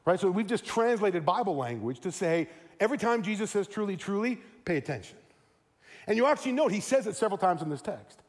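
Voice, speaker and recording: A man's voice: high-pitched, sing-song, brisk. A man in his forties preaching a sermon to his congregation, who acts out the voices he quotes. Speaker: pastor. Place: church sanctuary. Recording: reverberant church hall.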